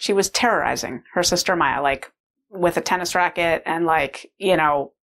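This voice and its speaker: A woman's voice: on the low side, moderate pace, a bit bright. A middle-aged mother telling a personal story in a casual, rambling way, full of "like" fillers. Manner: rambling, heavy use of "like" fillers.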